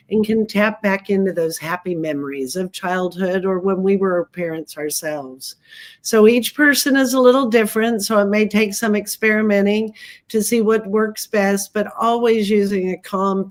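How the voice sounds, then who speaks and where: A woman speaking as a guest expert on a livestream, giving calm, practical advice on dementia care with frequent ums. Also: medium pitch. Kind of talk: livestream panel talk.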